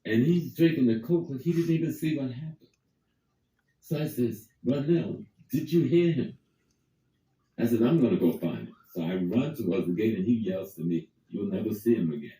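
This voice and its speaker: A man's voice: mid-range voice, normal speed, warm tone, reverberant, far from the mic, poor audio. An older man from Harlem, New York, telling a vivid story in conversation and acting out the quoted dialogue. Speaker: guest storyteller.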